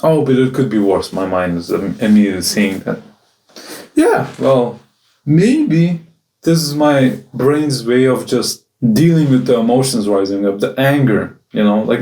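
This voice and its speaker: A man confiding to his camera in a raw, emotional video diary, cursing freely and stumbling over restarts. His voice sits at an ordinary middle pitch. The sound carries a roomy echo, and he is some way off from the mic. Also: lively intonation, dark tone, distant mic. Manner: raw, emotional, swears often, halting restarts. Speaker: video journal host.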